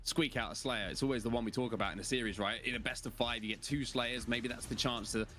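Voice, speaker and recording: A man commentating an esports match in a quick, chatty way. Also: mid-range voice, fairly even intonation, pushed and bright. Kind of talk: play-by-play commentary. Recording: broadcast with music behind.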